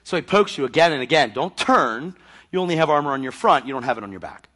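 Fervent husky-voiced preacher man. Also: on the high side, animated, quick pace. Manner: fervent, acts out scenes, swings between shouts and whispers. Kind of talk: sermon.

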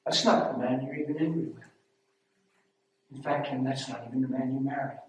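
A man voicing God, speaking in a hushed, solemn tone and gently rebuking a woman. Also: mid-range voice, fairly even intonation, a little fast, a little hiss or hum, close to an everyday voice. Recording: echoey hall from far off.

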